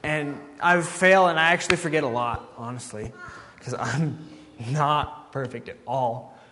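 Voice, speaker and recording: A man preaching a sermon, telling a story in a lively way and acting out the people in it. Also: fairly high pitch, unhurried, big-room sound.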